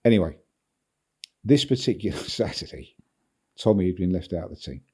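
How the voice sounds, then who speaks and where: Older man telling a rambling anecdote, deep. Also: sing-song, brisk, dark tone, slightly rough. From England. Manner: rambling, repeats words, chuckles through his story. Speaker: football agent, guest. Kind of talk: anecdotal storytelling in a podcast interview.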